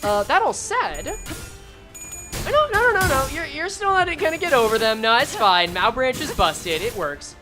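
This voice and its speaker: A woman's voice: fairly high pitch, expressive, moderate pace, hardly any pauses, over music. A woman streaming a game, reading skill text aloud and joking sarcastically with her chat.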